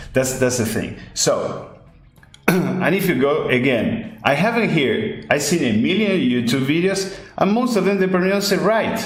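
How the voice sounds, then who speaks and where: A man hosting a podcast in casual chat, ranting emphatically and repeating his points, speaking English as his second language. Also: medium pitch. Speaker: podcast host. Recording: echoey room with faint music.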